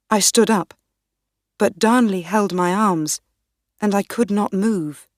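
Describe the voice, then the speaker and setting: A woman narrating a graded reader for learners in a slow, deliberate, clear reading. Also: mid-range voice, no room sound, clean studio sound. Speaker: audiobook narrator.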